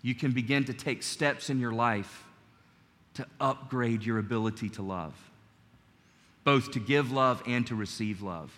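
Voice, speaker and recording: A man's voice: mid-range voice, unhurried, a bit bright, big-room sound. A man in his forties preaching a sermon, telling a personal story in an earnest, emphatic way. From North Carolina. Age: 40s. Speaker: pastor.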